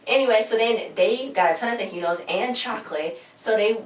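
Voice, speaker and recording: A woman's voice: mid-range voice, a little fast. A woman rambling through a casual TV recap with slangy, exasperated asides. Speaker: TV episode reviewer. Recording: roomy echo, distant mic, faint hiss.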